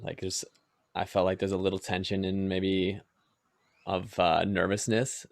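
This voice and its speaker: Low gravelly man, hesitant host. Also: level tone, measured pace, no echo, clean studio sound. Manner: hesitant, searching for words. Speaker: podcast host. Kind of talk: casual interview chat.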